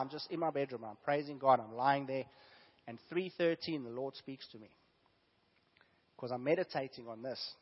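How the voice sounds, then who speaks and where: A man preaching a sermon, sick with a fever and sore throat, swinging between hushed asides and loud emphatic exclamations. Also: mid-range voice, moderate pace, pauses often, breathy edge. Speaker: pastor. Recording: echoey hall, dull lo-fi sound.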